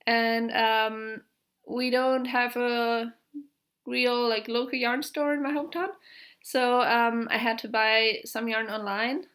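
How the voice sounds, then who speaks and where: A young woman from Germany with a German accent, chatting casually on her podcast, pausing often with fillers and small laughs. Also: fairly high pitch, fairly even intonation, fairly bright tone. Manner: hesitant, full of fillers, light laughs. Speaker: podcast host. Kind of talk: casual video podcast chat.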